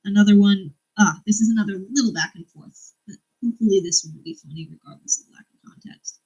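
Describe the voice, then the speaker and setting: A woman's voice: mid-range voice, fast, hardly any pauses, a little mellow, husky, low-quality recording. A woman vlogger chatting casually about a book series, enthusiastic, cursing freely and laughing often. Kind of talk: casual chat about books.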